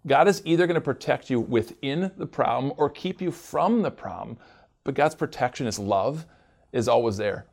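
A man's voice: medium pitch, expressive, moderate pace, vocal fry, darkish tone. A man hosting a Christian program, earnestly reading statistics and introducing a sermon. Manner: earnest, emphatic, listing statistics. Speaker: program host.

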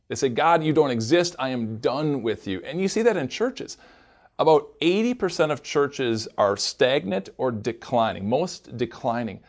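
A man's voice: mid-range voice, a little mellow. A man hosting a Christian program, earnestly reading statistics and introducing a sermon. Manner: earnest, emphatic, listing statistics. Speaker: program host.

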